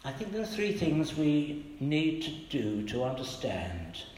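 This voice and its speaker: An older man preaching a sermon, telling stories gently and quoting the people in them. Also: fairly high pitch, sing-song, a little slow, a little hiss or hum. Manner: gentle storytelling with quoted voices. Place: church. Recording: echoey church hall with long reverb.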